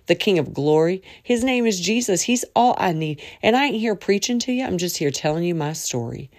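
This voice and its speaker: A woman's voice: lowish voice, lively intonation, normal speed, few pauses, darkish tone, no echo, clean studio sound. A woman hosting a faith podcast from her bed at night, chatting casually, rambling and correcting herself as she speaks straight to her listeners. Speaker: podcast host.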